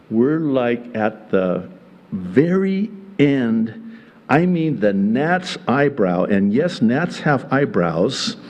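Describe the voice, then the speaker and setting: A middle-aged male pastor delivers a sermon slowly and deliberately, in a fairly low voice on dull-sounding audio. He moves emphatically from quiet teaching to loud exclamations, adding folksy asides and chuckles. A long reverberant tail follows his words, like in a large hall.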